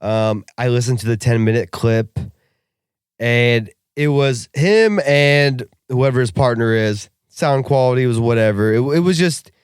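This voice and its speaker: A man co-hosting a casual podcast, ranting in a profane, animated way and laughing often. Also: mid-range voice, measured pace, clear, resonant tone, no echo, studio quality. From Russia. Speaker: podcast co-host. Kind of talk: casual chat.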